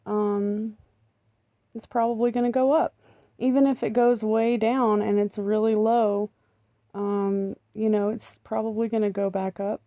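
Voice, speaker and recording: A middle-aged American woman vlogs casually, drifting from point to point with frequent ums and light laughter. Her slightly high voice has a warm tone, and the muffled recording has no room sound.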